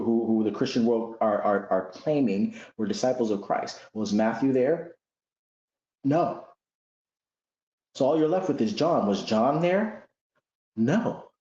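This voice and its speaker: A man giving a casual religious commentary monologue, animated and talking in rough slang, often repeating words as he goes. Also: medium pitch, echoey room, highs cut off.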